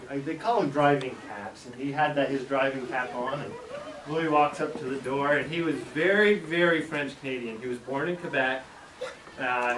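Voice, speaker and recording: A middle-aged school superintendent telling a story to children in a classroom, lively and acting out sounds as he goes. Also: fairly high pitch. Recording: echoey room from far off, background noise.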